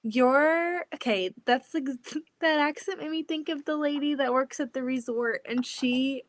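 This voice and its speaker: A woman's voice: sits high, unhurried, slight background noise. A woman hosting a live sewing stream, chatting casually with a giggly, eager manner. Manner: giggly, eager, lots of fillers. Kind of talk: casual chat. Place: home sewing room.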